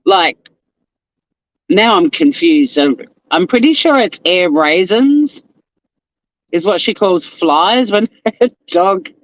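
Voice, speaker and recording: An Australian lawyer on his drive to work hosts a casual live-stream from his car, greeting viewers by name and sometimes swearing. His high voice is expressive and slow, with frequent pauses. There's no echo, but the recording quality is low.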